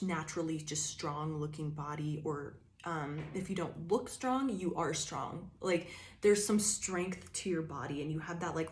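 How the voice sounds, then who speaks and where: Casual profane woman tarot reader. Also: lowish voice. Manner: laid-back, profane, drawling with fillers. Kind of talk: casual channeled tarot reading.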